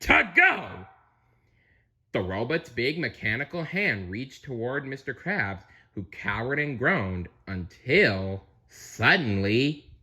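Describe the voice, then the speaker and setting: A man reads a storybook aloud in a low, bright voice, taking his time. He adds chatty asides to the listener, his pitch rising and falling with lively expression. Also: husky. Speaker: narrator.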